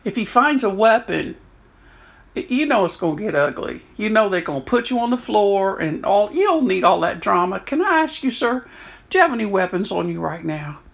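A woman in her sixties, a prison chaplain, telling stories in an animated way and acting out what people said. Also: mid-range voice, moderate pace, gravelly. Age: 60s. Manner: animated storyteller, acts out quotes. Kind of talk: storytelling talk.

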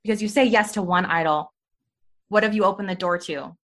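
A woman in her thirties with a medium-pitched voice talks a little fast as a guest on a faith podcast. She shares her personal testimony candidly and with animation, peppering it with "like" and "you know."

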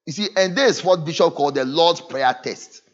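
A man's voice: on the high side, fairly quick. A man preaching a sermon as pastor, acting out the voices of people in his stories. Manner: lively preaching with dramatic acted quotes. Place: church. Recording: dull lo-fi church recording.

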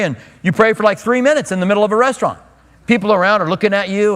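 A man's voice: high voice, very fast, fairly bright tone, long reverb tail. A male pastor preaching a sermon in a conversational way, acting out the voices he quotes. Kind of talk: expository sermon.

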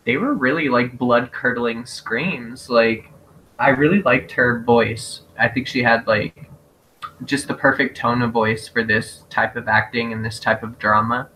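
A man co-hosting a podcast, recapping scenes in a lively way and laughing often. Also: medium pitch, unhurried, slight background noise, low-quality recording. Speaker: podcast co-host. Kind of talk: casual chat.

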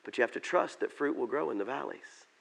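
A man's voice: mid-range voice, lively intonation, quick pace, gravelly, a bit bright. A male pastor preaching a sermon, emphatic and repeating key phrases.

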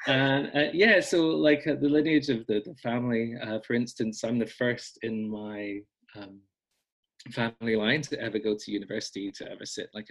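Guy, low husky voice, rambly and jokey about himself. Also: rough recording. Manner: rambling, self-deprecating, frequent ums and laughs. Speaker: podcast guest, folk magic blogger. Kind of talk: casual interview chat.

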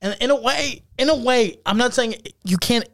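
A man's voice: extremely high pitch, moderate pace, fairly bright tone. A man co-hosting a podcast in casual chat, rambling and hunting for words with lots of fillers and swearing. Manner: rambling, searches aloud for words with many fillers and curses. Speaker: podcast co-host.

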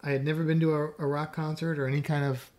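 A woman's voice: deep voice, flat delivery, fast talker, a little mellow. A woman co-hosting a podcast in casual, rambling, self-deprecating chat. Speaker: podcast co-host.

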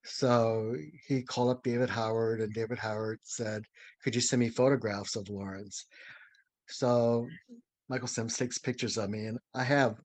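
An older man from St. Louis, a dancer being interviewed, telling a story with lively, acted-out quotes and chuckles. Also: mid-range voice, moderate pace, dry recording. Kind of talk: anecdotal storytelling.

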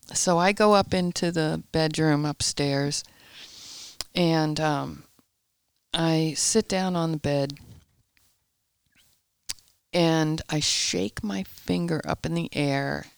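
A woman guest in a studio telling her personal faith story in a lively way, acting out past conversations as she goes. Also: low voice, slow pace, gravelly, clean tone, dry recording.

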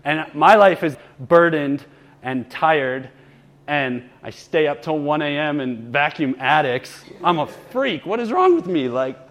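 A man's voice: fairly high pitch, animated, measured pace, fairly bright tone. A man in his thirties telling stories and teaching in a conversational sermon, with asides to the congregation. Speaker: preacher.

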